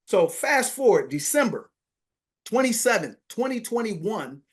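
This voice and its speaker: Animated man telling a story. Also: high-pitched, measured pace, slightly rough. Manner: animated storyteller acting out dialogue. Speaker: podcast guest, money coach. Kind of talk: storytelling interview.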